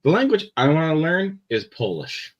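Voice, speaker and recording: A young Canadian man with a Canadian accent chatting casually on a live stream, rambling with many fillers and pauses. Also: a little high, huge pitch swings, highs cut off.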